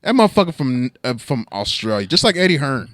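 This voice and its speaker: A man's voice: medium pitch, big pitch swings, a little fast, fairly bright tone. A man co-hosting a podcast in casual banter, stammering and repeating words as he runs a mock-serious bit. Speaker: podcast co-host.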